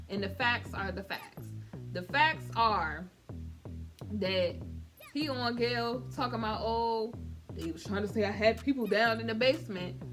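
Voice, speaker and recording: A woman hosting casual celebrity commentary with a sassy, conversational manner, calling her listeners honey and boo. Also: on the high side. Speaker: YouTube commentary host.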